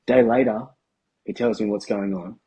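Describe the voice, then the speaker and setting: Guest: Australian man, thirties, low husky voice, blunt slangy storyteller. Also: fairly even intonation, warm tone, poor audio. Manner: blunt, slangy, halting with ums. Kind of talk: candid interview storytelling.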